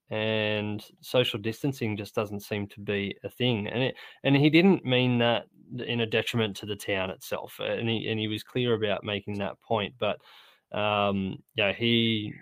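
Male co-host, lowish voice, hesitant casual sports chat, dry close recording. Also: no echo. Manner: hesitant, repeats words, measured. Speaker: golf podcast co-host.

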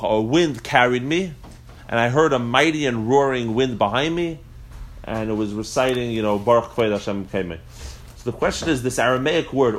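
A man at a mid-range pitch leads a live religious study class and explains each point to the group in front of him. He thinks aloud as he goes, stopping and restarting often. When he recites the Hebrew prayer lines, he falls into a rhythmic, chanting lilt. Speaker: Torah class teacher.

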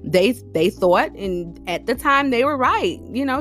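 A woman giving relationship advice in a casual, animated monologue, full of rhetorical questions and informal, slangy speech. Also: on the high side, measured pace, few pauses, faint music behind.

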